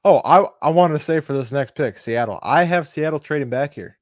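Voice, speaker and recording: A man's voice: on the high side, animated, brisk, dry recording, studio quality. A man co-hosting a podcast, laid-back and teasing in casual chat. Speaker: podcast co-host. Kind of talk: casual draft-reaction chat.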